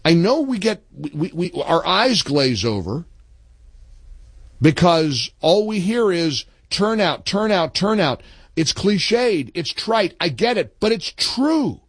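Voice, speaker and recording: Older male talk radio host, higher-pitched, very lively delivery, dry close mic. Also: slow, husky, no echo. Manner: emphatic, animated, swings between low asides and high outbursts. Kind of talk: political talk radio monologue.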